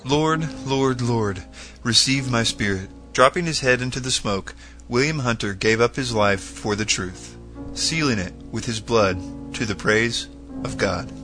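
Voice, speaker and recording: A man narrating historical martyr stories in an earnest, measured reading. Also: medium pitch, sharp tone. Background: faint guitar music.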